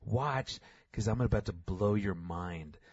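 A middle-aged man talking casually about fatherhood, animated, acting out quoted lines in a raised voice. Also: on the low side, moderate pace, husky, no echo, lo-fi sound. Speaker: podcast co-host, father. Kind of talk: casual conversational storytelling.

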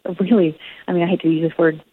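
A woman's voice: on the low side, flat delivery, racing, slightly rough, dry recording. A young adult woman with a Southern US accent, speaking as a guest author in a radio interview, earnest and reflective with many fillers and restarts. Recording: phone-line audio.

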